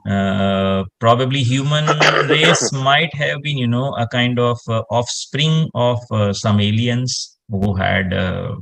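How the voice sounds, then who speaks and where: A man's voice: mid-range voice, slow, gravelly, few pauses, a bit bright. A man, explaining space science in casual conversation and rambling with lots of "you know" fillers.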